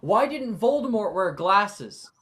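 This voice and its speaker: A man's voice: high-pitched, sing-song, takes it slowly, a bit bright, voice pushed up, heavily acted. A man voicing a cocky young male wizard who jokes during a duel. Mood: playful. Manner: playful, joking.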